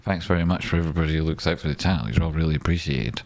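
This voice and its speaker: Low-voiced sweary streamer, dry sound. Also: male voice, racing, darkish tone, dry recording. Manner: rambling, sweary and blunt. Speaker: stock trading streamer. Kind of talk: casual live-stream chat.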